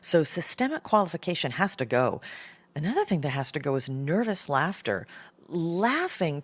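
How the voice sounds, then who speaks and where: A woman with a low voice hosts a solo leadership talk, coaching listeners in a direct, emphatic way. Her pitch moves in wide, lively swings. The sound is dry and close. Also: dry recording. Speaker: podcast host and leadership coach. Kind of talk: solo talk on professional presence.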